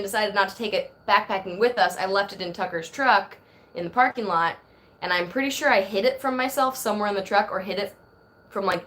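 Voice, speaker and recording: A woman in her thirties with a mid-range, fairly bright voice hosts a casual live stream from her phone. She rambles and reads viewer comments aloud.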